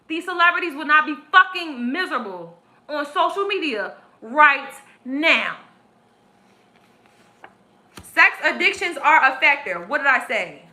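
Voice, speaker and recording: A very high, sharp voice belongs to a woman reading tarot on a live stream. In the echoey room, she delivers a spiritual rant that is combative, preachy, and profane.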